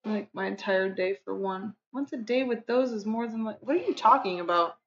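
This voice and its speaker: Chatty woman streamer, rambles to chat, hums while working; mid-pitched, lo-fi mic. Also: moderate pace. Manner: hums and counts under her breath. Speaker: game streamer. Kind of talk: casual live-stream chat.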